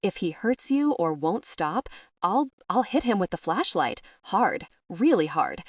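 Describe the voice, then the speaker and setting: A woman's voice: medium pitch, very animated, measured pace, slightly rough, no room sound. Audiobook figure: a woman doing a feisty young witch, blunt and sassy, dry close read. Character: feisty young female witch, brash and protective. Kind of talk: audiobook character reading.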